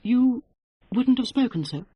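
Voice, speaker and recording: A man's voice: very high voice, expressive, measured pace, warm tone, slightly rough, no echo, voice pushed up, full character voice. A man doing a sweetly sarcastic young woman. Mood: airy sarcasm. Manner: light, airy, mock-polite. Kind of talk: audiobook character voice.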